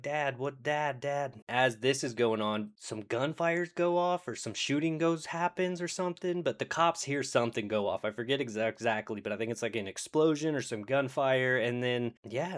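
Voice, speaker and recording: A young man rambling through a casual review of a show, sarcastic and acting out characters' lines as he goes. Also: medium pitch.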